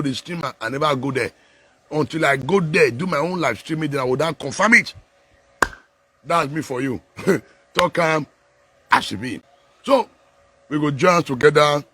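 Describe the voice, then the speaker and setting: A man with a Nigerian Pidgin accent talks in a loose, unscripted live chat, swinging between laughing asides and churchy exhortation. His voice sits a bit high for a man and comes across bright and forceful. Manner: animated, laughing, preachy, mixing Pidgin and English. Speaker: political commentator.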